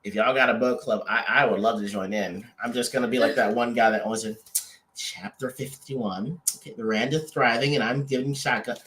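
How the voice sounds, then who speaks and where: A man's voice: medium pitch, fairly even intonation, a little fast, noisy background. A man co-hosting a couples podcast, rambling and teasing in casual chat. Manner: rambling, lots of restarts and fillers; playful teasing. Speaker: podcast co-host.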